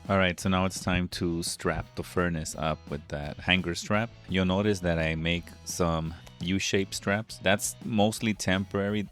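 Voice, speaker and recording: Man, HVAC technician, matter-of-fact voice-over, very low pitch. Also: steady tone, normal speed, few pauses, a bit bright, faint music behind. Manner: plain, matter-of-fact explaining. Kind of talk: voice-over narration of a job.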